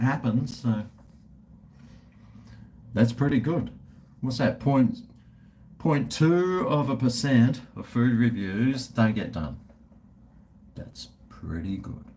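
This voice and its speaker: A man's voice: medium pitch, dark tone, a little hiss or hum. A man with an Australian accent, chatting casually on a livestream and answering viewer comments in a rambling, easygoing way. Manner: rambling and chatty, with laughs and trailing restarts. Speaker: food reviewer and livestreamer.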